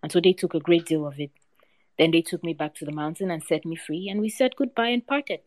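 A woman reading an old folktale aloud at a steady, measured pace. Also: fairly low pitch, no echo. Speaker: storyteller.

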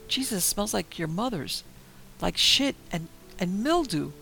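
A man voicing a panicked, sharp-tongued young woman in a spoken horror story, biting and strained. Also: sits high, sing-song, measured pace, vocal fry, faint music behind, pitched above the performer's own voice, full character voice, poor audio. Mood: disgusted.

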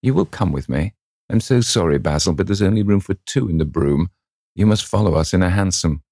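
A man's voice: low voice, lively intonation, a little fast, warm tone, no room sound, studio quality, voice pushed up. A man voicing a worldly, cynical aristocrat in a storybook reading, with a languid, drawling manner. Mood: teasing.

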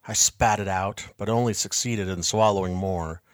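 A man with a lowish voice narrates a first-person story, calm, measured and introspective. The recording is close and dry, with no room sound. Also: no room sound. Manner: measured, quiet, reflective.

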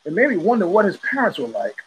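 A man's voice: high-pitched, wildly swooping pitch, quick pace, slight background noise, rough recording. A man hosting his own show, talking in a blunt, sardonic, rambling way, with frequent restarts. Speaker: host. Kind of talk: casual solo commentary.

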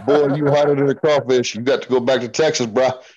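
A man's voice: mid-range voice, fairly even intonation, brisk, darkish tone, dull audio, pitched above the performer's own voice, lightly acted. A man voicing a male Cajun checkpoint guard with a folksy, teasing Cajun drawl, put on in the middle of a chat. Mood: mock-officious.

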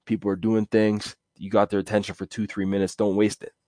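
A man's voice: lowish voice, level tone, brisk, warm tone, dry recording, clean studio sound. A man hosting a casual solo podcast, rambling and correcting himself as he talks. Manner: rambling, self-correcting, with chuckles. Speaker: podcast host.

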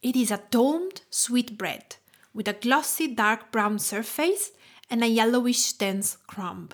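A woman's voice: a little high, fairly bright tone. A woman from Tuscany with an Italian accent, hosting a cooking podcast in a careful storytelling way. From Tuscany, Italy. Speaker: podcast host, home cook. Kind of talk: scripted podcast narration.

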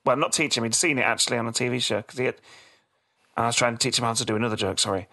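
A man's voice: mid-range voice, very fast, pushed and bright. A man in his thirties co-hosting a casual podcast chat, joking and laughing often. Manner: jokey, laughs often, repeats phrases. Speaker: podcast co-host.

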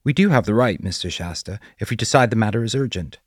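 A man doing a flat, stone-faced counselor. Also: on the low side, fast talker, dry recording, clean studio sound, voice pushed up. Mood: flat formal. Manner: flat, formal, unsettlingly calm. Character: stiff, expressionless male school counselor.

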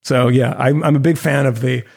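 A man co-hosting a podcast, talking in a rambling, animated way full of restarts and fillers. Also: medium pitch, brisk, gravelly, slightly rough. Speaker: podcast co-host. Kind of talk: casual chat.

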